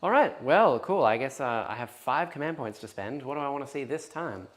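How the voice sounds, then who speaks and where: A man's voice: medium pitch, expressive, a little fast. An easygoing man with an Australian accent, chatting casually while playing a tabletop wargame and reading out viewer comments. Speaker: wargame player. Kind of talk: casual tabletop game banter.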